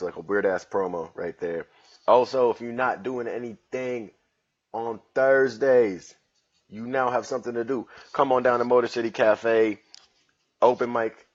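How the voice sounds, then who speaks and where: A man's voice: lowish voice, breathy edge, highs cut off. A man hosting his own comedy podcast at home, joking around in loose slangy street talk. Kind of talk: casual solo podcast monologue.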